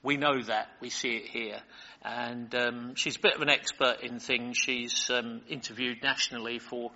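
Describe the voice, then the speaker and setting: Bright-voiced older British preacher. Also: male voice, medium pitch, steady tone, moderate pace, in a large hall. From Britain. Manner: chatty, digressive, many fillers. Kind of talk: Bible reading and sermon. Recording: muffled lo-fi recording.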